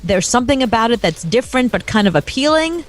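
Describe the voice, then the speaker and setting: A woman from New York co-hosting a casual talk show, emphatic and quick to laugh. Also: a little high, sing-song, soft background music. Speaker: co-host. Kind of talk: casual radio chat.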